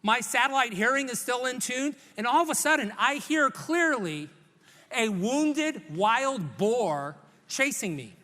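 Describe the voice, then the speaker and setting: A man from Hawaii giving a humorous commencement speech in a large church hall, telling a story in an animated, self-mocking way and voicing his own thoughts. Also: very high voice, unhurried. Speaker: commencement speaker. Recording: echoey recording in a large hall.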